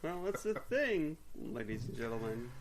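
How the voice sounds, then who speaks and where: A man's voice: medium pitch, sing-song, moderate pace, background noise. A man in his forties co-hosting a podcast, chatting casually and rambling with lots of ums and laughter. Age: 40s. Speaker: podcast co-host. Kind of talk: casual chat.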